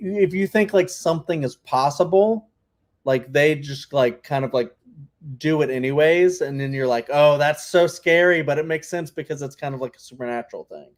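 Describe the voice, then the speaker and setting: A man's voice: a little high, normal speed. A man co-hosting a casual podcast chat, talking in a rambling way full of filler words. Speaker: podcast co-host.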